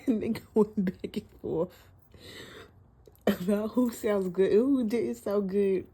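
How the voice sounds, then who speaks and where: A woman's voice: medium pitch, slow, dark tone, husky. A woman giving a casual, candid book review, laughing often and cursing freely while talking into her phone.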